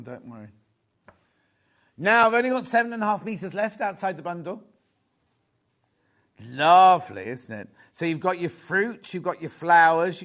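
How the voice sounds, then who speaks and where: A man with a Yorkshire accent presents fabric on a live shopping channel, chatting and gushing with plenty of asides. His voice sits on the high side and sounds a bit bright.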